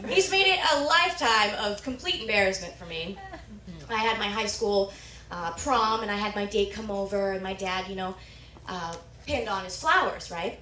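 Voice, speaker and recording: Young woman comic from Nebraska, animated storyteller, bright edgy voice, roomy stage mic heard from a distance. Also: normal speed, some chatter behind. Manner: animated storytelling, squeals quoted lines high. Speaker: stand-up comedian. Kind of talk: stand-up routine. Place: comedy club stage. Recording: echoey room, mic from far off.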